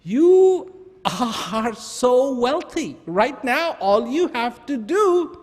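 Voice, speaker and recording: A man's voice: high voice, expressive, pitched above the performer's own voice, full character voice. A man voicing a patient wise traveler. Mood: instructive. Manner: slow, emphatic teaching. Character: calm wise old male traveler giving advice. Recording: long hall reverb.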